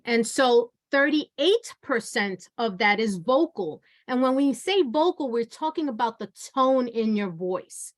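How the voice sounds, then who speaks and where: A woman's voice: on the high side, a bit bright. A woman in her fifties giving an online workshop in a conversational way, often checking in with "right?" and calling on listeners by name. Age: 50s. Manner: conversational, keeps asking "right?"; engages audience by name, chatty. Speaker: workshop presenter. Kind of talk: online webinar presentation. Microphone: video call.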